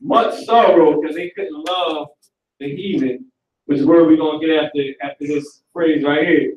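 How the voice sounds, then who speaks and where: A man's voice: fairly high pitch, normal speed, darkish tone, highs cut off. A man teaching a live online class in a casual, slangy lecturing manner. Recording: echoey and distant from the mic.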